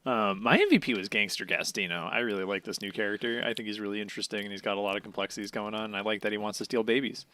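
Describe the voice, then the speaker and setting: A man co-hosting a podcast, chatting casually with quick reactions and frequent laughs. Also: on the low side. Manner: lively, laughs often, short reactions. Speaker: podcast co-host. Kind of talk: casual chat.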